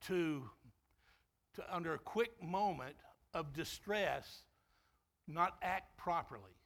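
A man, a pastor, preaching a sermon and shifting into a quiet storytelling tone for a personal anecdote. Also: a little high, lively intonation, slow pace, vocal fry, long pauses.

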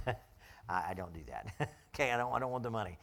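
A man's voice: fairly low pitch, animated, moderate pace, gravelly. A man serving as pastor, preaching a sermon in a conversational way with dry humor and frequent chuckles.

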